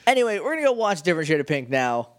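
A man's voice: fairly high pitch, very animated, racing, dry recording, clean studio sound. A man co-hosting a podcast, chatting casually and rambling through an episode recap. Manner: rambling, self-interrupting, quoting characters in a lazy offhand voice. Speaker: podcast co-host.

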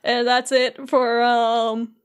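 A woman with a fairly high voice co-hosts a casual podcast. She retells a game's story in a lively way, often laughing between lines. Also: slow pace, clean tone. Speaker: podcast co-host. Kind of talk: casual chat retelling a video game story.

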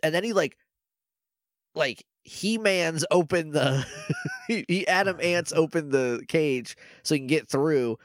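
A man co-hosting a podcast, casually recapping a TV episode with quick voices and frequent laughs. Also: a little high, no echo, clean studio sound. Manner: animated, quotes characters in quick put-on voices, laughs often. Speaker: podcast co-host.

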